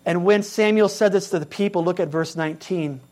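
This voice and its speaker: A man preaching a sermon as a pastor, moving between raised, exclaiming lines and hushed, quiet passages. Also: high-pitched, a little fast.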